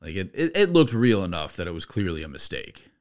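Deep-voiced male podcast co-host. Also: brisk. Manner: conversational, swears casually, voice jumps up when animated. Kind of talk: casual podcast chat.

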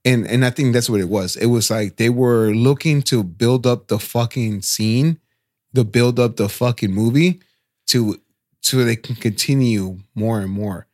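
A man's voice: medium pitch, normal speed. Man, podcast co-host, emphatic, swears a lot, repeats himself. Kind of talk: casual profane movie review chat.

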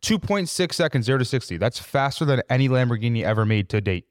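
A man's voice: mid-range voice, expressive, fast talker, no room sound, studio quality. A man co-hosting a casual podcast, brash and boastful, swearing freely as he argues his point. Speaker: podcast co-host. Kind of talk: casual banter.

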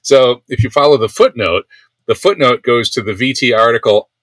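Wry, fast-talking male guest. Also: medium pitch, fairly bright tone, dry recording. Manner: quick, wry and ironic, laughing at his own jokes. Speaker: guest, senior editor. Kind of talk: casual conversational interview.

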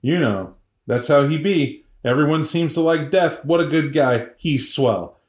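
A man's voice: a little high, a little slow, echoey room, lightly acted. A man voicing a friendly, laid-back male owl spirit who talks like a casual neighbor. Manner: chatty, easygoing, folksy.

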